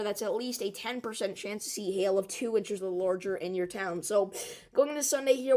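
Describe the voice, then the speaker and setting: Woman, hoarse strained voice, severe weather forecaster, urgent, emphatic, keeps checking in with viewers. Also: medium pitch, darkish tone.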